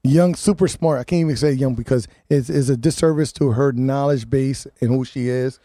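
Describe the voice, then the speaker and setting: A man's voice: medium pitch, normal speed, warm tone, dry recording. A man hosting a live talk radio show, ranting and restarting his words often as he reads listener comments and programming notes in the studio.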